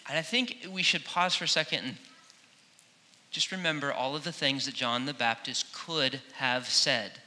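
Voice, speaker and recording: A man preaching a sermon as pastor, animated, acting out quoted lines with playful emphasis, in a large church. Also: medium pitch, normal speed. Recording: long hall reverb in a church.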